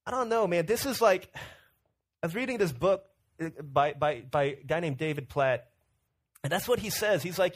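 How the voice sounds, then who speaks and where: High-voiced casual male preacher. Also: expressive, normal speed. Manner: storytelling with playful acted-out quotes and many fillers. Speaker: pastor. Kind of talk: casual sermon.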